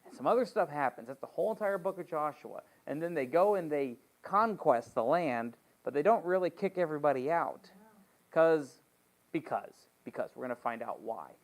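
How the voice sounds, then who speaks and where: A man's voice: fairly high pitch, lively intonation, moderate pace. A man leading a Bible study as pastor, reading scripture and retelling the story in a joking, conversational way with playful asides.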